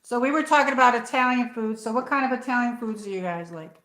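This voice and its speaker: A middle-aged American woman hosts a livestream, rambling casually and reading viewer comments out loud. Her voice is a little high and fairly bright, her pace quick, and the room sounds echoey.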